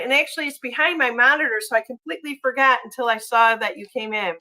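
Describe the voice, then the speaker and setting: A woman hosting a casual livestream, chatty and gushing, often pausing on ums and uhs as she reads viewer comments. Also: fairly high pitch, sharp tone, poor audio. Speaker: livestream host.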